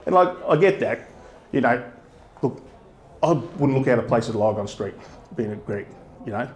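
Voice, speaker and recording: Australian comic telling stories in a roomy venue. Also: male voice, medium pitch, lively intonation, moderate pace, a little mellow. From Darwin, Northern Territory. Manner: rambling storyteller who laughs at his own jokes. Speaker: stand-up comedian. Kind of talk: live stand-up set. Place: stage at a fringe festival venue. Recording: roomy live venue sound.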